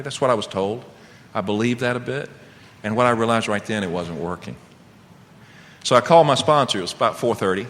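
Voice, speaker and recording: Middle-aged man, recovery-meeting speaker, lively swinging delivery, bright, forceful tone, rhetorical questions to the room. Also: mid-range voice. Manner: animated storyteller, asks the audience rhetorical questions. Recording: long reverb, faint background noise.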